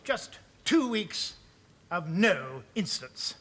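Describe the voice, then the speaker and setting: An actor playing a hesitant, absent-minded boss in a sitcom. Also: male voice, high voice, big pitch swings, slow pace, fairly bright tone, exaggerated voice. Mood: vague. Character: vague dithering male office boss. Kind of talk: sitcom acting.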